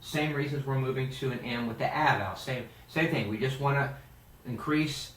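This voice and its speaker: Animated male vocal coach in a roomy studio. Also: medium pitch, moderate pace, a little hiss or hum. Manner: animated, demonstrates exercises by singing. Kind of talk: singing lesson. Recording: roomy, mic at a distance, piano playing.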